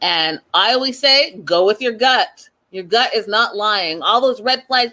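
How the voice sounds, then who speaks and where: A woman hosting a reality TV recap, giving sassy and animated opinions and repeating her points for emphasis. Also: medium pitch, unhurried, few pauses, rough recording. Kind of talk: casual opinionated commentary.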